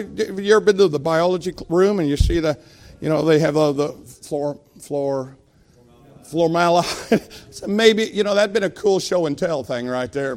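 A middle-aged male preacher telling a funny story in a sermon, animated, acting out the voices of the people in it and laughing at his own tale. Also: on the high side.

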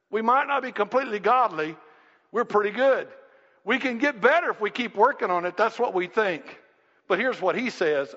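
Guy preaching a sermon, high voice, loud bits, long church echo, kinda muffled lo-fi sound. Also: moderate pace. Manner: animated preaching, acts out quoted voices, shouts for emphasis. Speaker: pastor. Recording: dull lo-fi sound with long reverb in a hall.

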